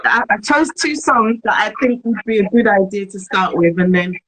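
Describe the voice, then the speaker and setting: Bubbly husky-voiced woman hosting a live chat. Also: mid-range voice, lively intonation, normal speed, a bit bright, rough recording. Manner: bubbly, laughs often. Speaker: host. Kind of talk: casual live-stream chat.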